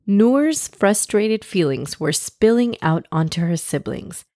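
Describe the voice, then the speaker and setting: A woman's voice: mid-range voice, big pitch swings, takes it slowly, hardly any pauses, no room sound, clean studio sound. A woman hosting and narrating a children's story podcast, upbeat and talking straight to young listeners. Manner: warm, upbeat, addresses kids directly.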